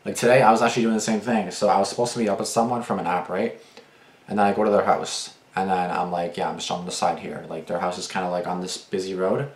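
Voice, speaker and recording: A deep-voiced man rattles off a late-night story at speed, full of swearing, restarts and "like"s. He is a reaction video host talking casually, and his voice rings in an echoey room. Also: flat delivery, fast talker. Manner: profane, rambling, many restarts and fillers.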